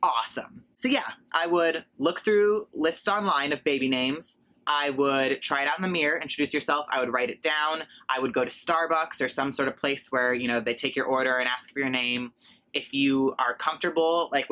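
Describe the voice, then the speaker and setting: A man's voice: medium pitch, steady tone, normal speed, pushed and bright. A young man giving casual advice on a vlog, chatty and sprinkled with filler words. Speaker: vlogger.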